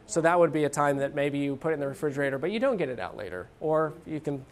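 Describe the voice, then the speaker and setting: A man's voice: fairly high pitch, fast, few pauses. Man teaching a parenting class. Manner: conversational, hesitant with fillers, animated when quoting.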